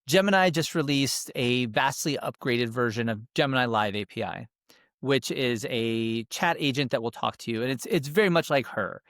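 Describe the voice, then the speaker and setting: Excitable male podcast co-host, dry sound. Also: mid-range voice, moderate pace, dry recording. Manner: excitable, rambling, with restarts. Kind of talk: casual chat.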